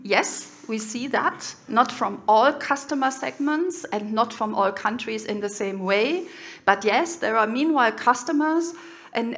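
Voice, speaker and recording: A middle-aged woman giving an expert conference presentation in measured, earnest, slightly nonnative English. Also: high-pitched, fairly bright tone. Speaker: conference speaker.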